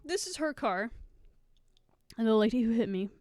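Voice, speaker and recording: A woman's voice: fairly high pitch, lively intonation, moderate pace, a little mellow, no echo. A young woman streaming live, telling a rambling story to her chat, swearing a lot and close to tears.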